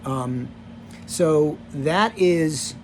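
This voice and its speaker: Speaking extremely slowly, a sixty-something man recounts his rock-tour days for his vlog in a loose, rambling way peppered with "you know" and "like." His voice is on the high side and animated, with a darkish tone and a little hiss or hum behind it.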